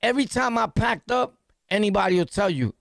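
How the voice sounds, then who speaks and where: Podcast host, male, New York accent, high fry-edged voice, slangy animated storyteller. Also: fairly quick, no room sound, clean studio sound. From New York City. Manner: animated, slangy, punchy storytelling with sound-effect words. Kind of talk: storytelling jail anecdote.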